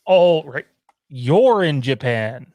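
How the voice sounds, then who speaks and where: A man's voice: medium pitch, expressive, slow, dry recording, narrow, tinny audio. A man co-hosting a casual streamed chat show, joking and laughing as he reads out the live chat. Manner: laid-back, jokey, often laughing. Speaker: podcast co-host.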